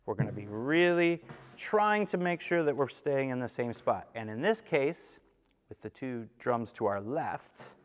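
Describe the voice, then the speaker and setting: Male timpani teacher, smooth and mellow, patient, counts beats aloud, checks in with "okay?", long room reverb. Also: medium pitch, lively intonation, unhurried. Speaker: percussion teacher. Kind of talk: instrument lesson with counting and demonstration.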